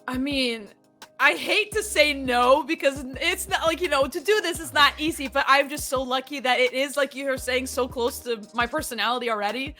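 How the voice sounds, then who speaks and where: A young woman, a voice actress guest, talking fast and excitedly in a casual chat, laughing often. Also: high voice, faint music behind.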